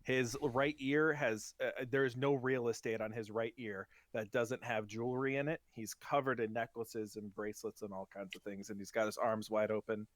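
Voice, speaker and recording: Role: dungeon master. Sex: man. Style: casual game narration. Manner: halting, many ums. Pitch: medium. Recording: dry. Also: steady tone, no room sound.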